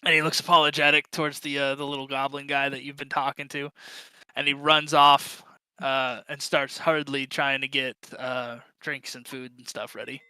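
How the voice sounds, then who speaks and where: A man narrating as game master of a tabletop game, halting with many fillers. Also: mid-range voice, flat delivery, pushed and bright, smooth, no echo, poor audio.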